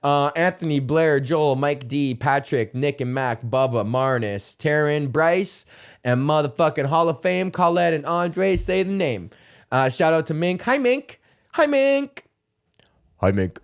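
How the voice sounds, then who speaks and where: A man's voice: fairly high pitch, measured pace, smooth. Profane rambling man hosting a podcast. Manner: profane, rambling, laughs often. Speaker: podcast host. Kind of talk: casual comedic rant.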